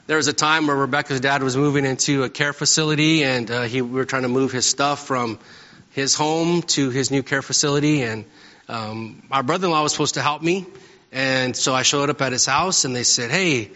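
A man preaching a sermon in a church, casual and story-driven, often tagging his points with a quick "right?". His voice is bright and pushing, carried by the long reverb of a large room. The recording sounds a little dull and lo-fi. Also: mid-range voice. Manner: conversational, storytelling, frequent "right?" tag questions. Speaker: pastor.

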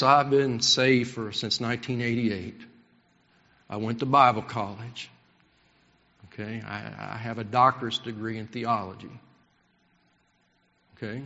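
A middle-aged man preaching a sermon as pastor, impassioned, swinging between loud appeals and hushed asides. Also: medium pitch, big-room sound, muffled recording.

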